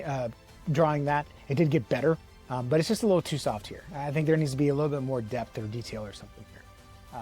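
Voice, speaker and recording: A man talks through a comic book review in a relaxed, unscripted way, his voice sitting at an ordinary middle pitch. He stumbles, repeats words and fills pauses with ums. Faint music plays underneath. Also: slightly rough. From Texas. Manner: rambling, many fillers and restarts, chuckles. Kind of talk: casual review monologue.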